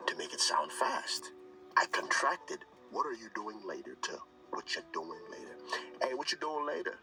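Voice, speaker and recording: A man teaching English phrasing in a lively instructional video, reading example sentences quickly and then slowly. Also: low voice. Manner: reads example sentences fast then slow, animated. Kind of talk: lively instructional read-along. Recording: played from a video, some distance from mic, light music.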